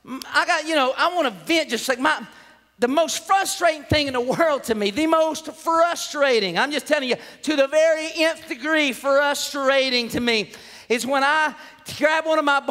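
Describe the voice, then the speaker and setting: A man preaching a lively, comedic sermon, hollering and laughing as he goes. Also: extremely high pitch. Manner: hollering, animated, laughing often. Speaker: pastor. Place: church sanctuary. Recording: long hall reverb.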